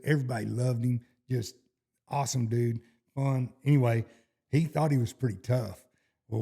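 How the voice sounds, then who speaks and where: This guest, a middle-aged horseshoer from Texas with a Texan accent, has a mid-range voice that's gravelly, dark and husky. He spins cowboy stories in a casual interview, wandering off and restarting sentences in a down-home way.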